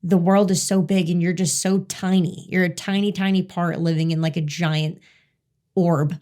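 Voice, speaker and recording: A woman's voice: fairly low pitch, little pitch movement, moderate pace, dark tone. A woman co-hosting a podcast, chatting casually and telling stories, swearing freely. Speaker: podcast co-host. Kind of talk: casual chat.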